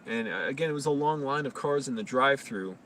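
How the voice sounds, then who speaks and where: A man's voice: mid-range voice, animated, fast, fairly bright tone. Brief: rambling male live-streamer, casual chat, slightly distant mic with faint noise. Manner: rambling, loose talk full of fillers.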